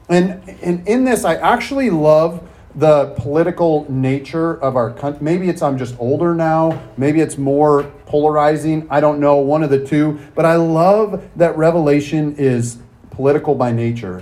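A man preaching a casual, halting sermon as a pastor and reading scripture aloud. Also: fairly high pitch, a little mellow.

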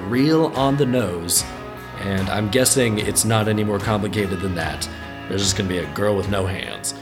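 A man's voice: lowish voice, moderate pace, music in the background. A man hosting a storytelling podcast, narrating in a wry, irreverent, conversational way.

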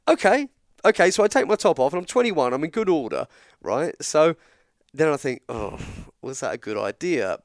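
This guest storyteller, an Englishman, recounts a long tale in casual chat and acts out everyone's lines with animation. He speaks at medium pitch, recorded dry with clean studio sound.

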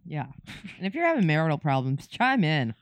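A man co-hosting a podcast in casual chat, easygoing and quick to laugh as he asks questions. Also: fairly high pitch, huge pitch swings, no echo. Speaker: podcast co-host.

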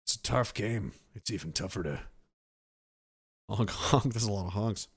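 A man's voice: on the low side, normal speed, breathy edge. A man streaming and reading viewer messages, talking in a rambling, profane, self-interrupting way. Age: older.

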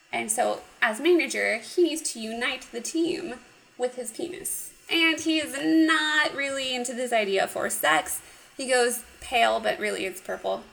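A woman casually recapping a cartoon episode, animated and giggly, acting out the characters' lines. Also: a little high, creaky, rough recording. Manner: animated retelling with acted quotes, giggly. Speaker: podcast co-host.

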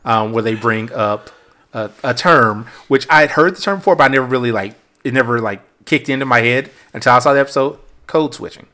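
A man co-hosting a casual podcast chat, animated and quick to laugh as he acts out other people's voices. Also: medium pitch. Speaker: podcast co-host.

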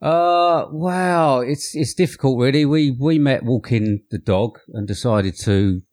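A man's voice: medium pitch, unhurried, darkish tone. A man with an English accent, a guest on a podcast, chatting casually in a modest, self-deprecating way. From England. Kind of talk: casual chat.

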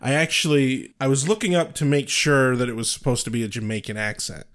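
A man's voice: medium pitch, fairly quick, fairly bright tone. A man co-hosting a podcast in casual chat, teasing and laughing a lot. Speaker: podcast co-host.

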